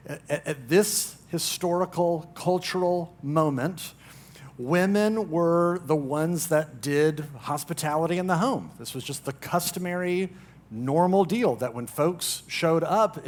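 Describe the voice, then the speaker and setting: Middle-aged male pastor, Southern US accent, light tenor, animated, conversational sermon delivery. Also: on the high side. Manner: animated storyteller, acts out quoted voices with rising emphasis.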